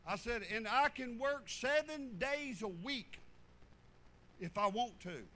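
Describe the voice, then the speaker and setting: Fervent folksy preacher man, high bright voice. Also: lively intonation, slow pace, rough recording. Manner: folksy, swings from fervent loud preaching to low muttered asides. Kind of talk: sermon.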